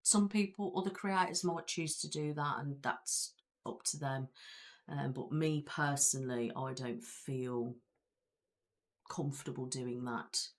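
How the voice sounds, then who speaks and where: A woman's voice: rumbling low, unhurried. A woman with a Belfast accent, chatting casually with viewers as the host of a live stream, rambling with frequent fillers. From Belfast, Northern Ireland. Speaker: ASMR creator hosting a live stream.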